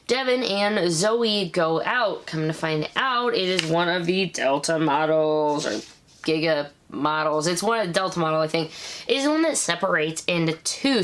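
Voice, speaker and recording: A woman in her thirties hosting a casual episode review, chatty and animated, with quick asides. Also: lowish voice. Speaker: show review host.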